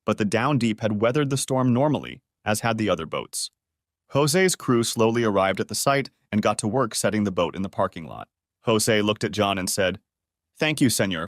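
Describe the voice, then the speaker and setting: A man narrating a family drama story in a steady, scripted storytelling voice. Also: fairly low pitch, no room sound, clean studio sound.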